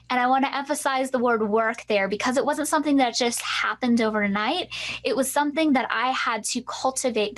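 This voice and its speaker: A woman co-hosting a masterclass, telling her personal story in an earnest, animated way. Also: on the high side, moderate pace. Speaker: empowerment coach, co-host.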